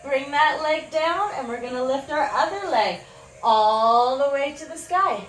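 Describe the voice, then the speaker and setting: An expressive woman with a high voice teaches preschool yoga at an unhurried pace, sing-song and encouraging, with animal sounds to guide each pose. The audio is poor, with an echoey room and slight background noise.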